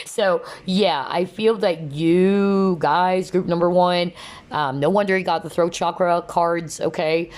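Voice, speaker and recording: Woman, deep voice, tarot reader, strained voice, chatty, keeps asking okay. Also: measured pace. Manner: chatty, full of "kind of, like" and "okay?". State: losing her voice. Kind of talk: casual pick-a-card reading to viewers.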